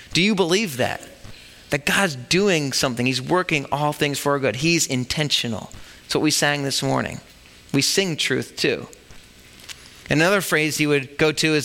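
Guy pastor preaching at church, kinda high bright voice, chatty, keeps asking the crowd questions. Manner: conversational preaching with rhetorical questions. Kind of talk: sermon. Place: church service.

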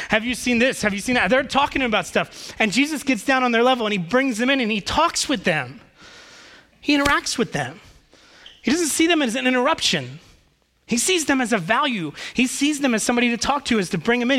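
A male pastor preaching in a relaxed, joking, conversational manner. His voice sits high and sounds bright and lively in tone. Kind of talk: sermon.

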